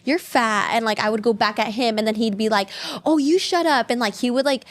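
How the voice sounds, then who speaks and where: A woman's voice: on the high side, steady tone, fast talker, fairly bright tone. A young woman in her twenties, a podcast guest telling personal stories in casual chat, full of "like" and acted-out quotes. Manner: chatty, heavy use of "like", acts out quotes.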